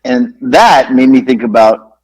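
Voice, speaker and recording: A man's voice: mid-range voice, measured pace, a little mellow, low-quality recording. A man co-hosting a casual podcast chat, telling a rambling story and easily set off laughing. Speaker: podcast co-host.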